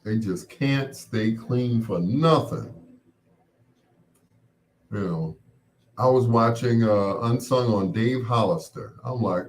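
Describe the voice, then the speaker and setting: A man's voice: medium pitch, takes it slowly, pauses often, a little hiss or hum. A man hosting a late-night radio show, chatting in a laid-back way with wry asides.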